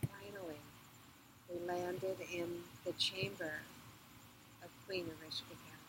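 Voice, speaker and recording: Woman, storyteller, slow, repetitive, chant-like, outdoor fire circle, noisy ambience. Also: fairly low pitch, steady tone. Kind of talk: oral storytelling of a myth.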